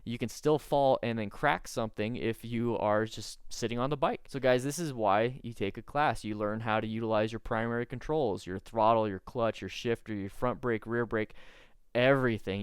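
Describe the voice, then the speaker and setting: A man's voice: medium pitch, moderate pace, clear, resonant tone, dry recording, studio quality. A man who coaches motorcycle riders, giving earnest, instructive video commentary and now and then trying not to laugh.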